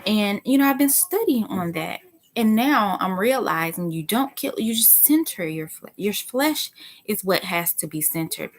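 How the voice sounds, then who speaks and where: A soft-spoken woman giving a reflective spiritual talk as a teacher. She thinks aloud with restarts and bursts into sudden excited exclamations. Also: mid-range voice, measured pace.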